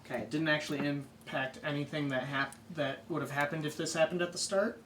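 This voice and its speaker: A woman running a tabletop game on a live stream, chatty and quick to laugh. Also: low-pitched, fairly even intonation, background noise. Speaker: game master.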